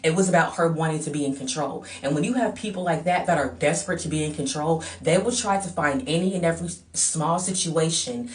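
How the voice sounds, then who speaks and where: Low-voiced woman ranting bluntly. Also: a little fast, hardly any pauses, recorded from a distance. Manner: blunt, profane, heated and emphatic. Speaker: vlogger. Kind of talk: ranting storytime.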